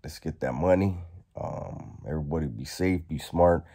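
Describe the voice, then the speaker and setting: A man vlogging, telling a story casually in a profane, slangy, animated way. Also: a bass voice, normal speed, slightly rough.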